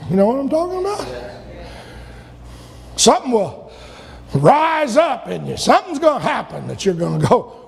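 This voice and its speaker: A male pastor delivering a sermon in a high, rough, gravelly voice. He climbs to shouted peaks and then falls suddenly quiet. The sound carries a long church-hall reverb. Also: big pitch swings, moderate pace, pauses often. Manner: preaching with loud shouted peaks and sudden drops.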